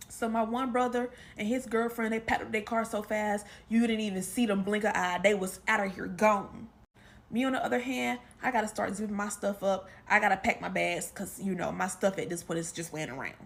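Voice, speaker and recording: A woman telling a casual storytime monologue to her followers, retelling a family fight in animated, slangy talk with lots of quoted dialogue. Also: mid-range voice, a little fast, gravelly. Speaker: storytime creator.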